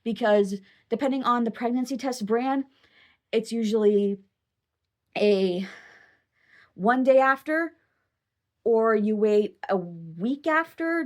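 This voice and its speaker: A young adult woman vlogger telling a personal story in a chatty, excitable, rambling way. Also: a little high, slow. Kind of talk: casual personal storytelling to camera.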